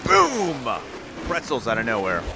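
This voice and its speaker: A man streaming and giving quick, upbeat live commentary on viewer runs in a game, calling scores and turn order. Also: medium pitch, lively intonation, noisy background. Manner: upbeat, quick hype calls with laughs.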